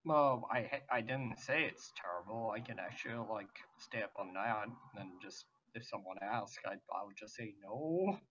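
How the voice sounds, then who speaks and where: A man's voice: lowish voice, animated, normal speed, hardly any pauses, fairly bright tone, a little hiss or hum. A young man, a player in a tabletop game stream, chatting casually and hesitantly with lots of fillers. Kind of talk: casual chat. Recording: dull lo-fi voice chat.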